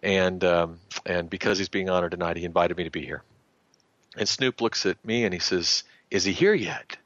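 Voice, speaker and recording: A man, a sports writer and guest, telling anecdotes in a casual, animated way and slipping into the voices of the people he quotes. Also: low voice, moderate pace, no room sound, dull audio. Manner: animated storyteller who acts out quotes.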